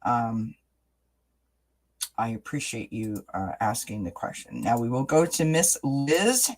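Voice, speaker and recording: Slow-paced but lively in intonation, a mid-range voice leads a live tarot reading in relaxed, chatty fashion. The reader often tacks on "right?" and tends to repeat words and restart sentences.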